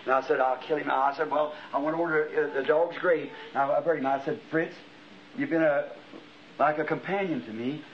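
A man's voice: a little high, steady tone, brisk. A middle-aged man preaching a sermon, telling a vision as a story with impassioned rising exclamations. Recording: dull lo-fi archival tape.

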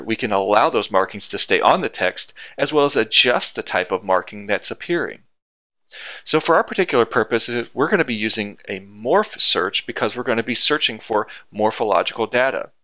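Male tutorial narrator, methodical, slightly low, close dry voice-over. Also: sharp tone, no echo. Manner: methodical, step-by-step explaining. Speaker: software tutorial instructor. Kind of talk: screen-recorded software tutorial.

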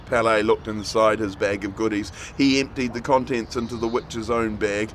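A man reading a children's story aloud in a playful, expressive way. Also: on the low side, normal speed, hardly any pauses, slight background noise.

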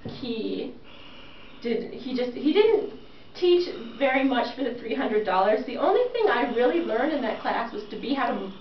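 A woman telling a funny personal story to a small group of listeners, in a self-mocking, animated way. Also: a little high, moderate pace. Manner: animated, self-mocking, acts out quoted lines. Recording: roomy, distant, dull recording with faint hiss.

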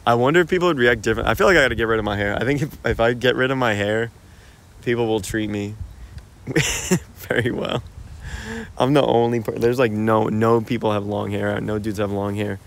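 A young American man with a fairly low, steady voice talks briskly as he livestreams from a phone while walking through a park-like cemetery. He chats with viewers in a relaxed, slangy way and laughs a lot.

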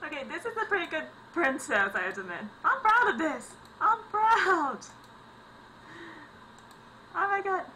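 A young woman hosting a gaming channel, giving excitable let's-play commentary with sudden yelps and laughs, on a home recording with mains hum. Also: extremely high pitch, a little slow, pauses often, poor audio.

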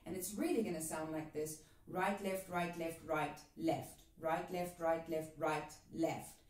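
A woman teaching a cajon lesson in a casual, encouraging way, counting the rhythm out loud as she plays. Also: lowish voice. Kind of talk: video lesson. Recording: roomy and distant, with cajon playing.

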